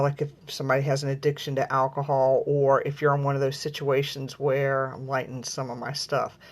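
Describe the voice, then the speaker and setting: A woman hosting a casual live video at home, talking to viewers in a chatty, rambling way and calling them y'all. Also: sits low. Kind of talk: casual live-stream chat. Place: at home, lighting incense.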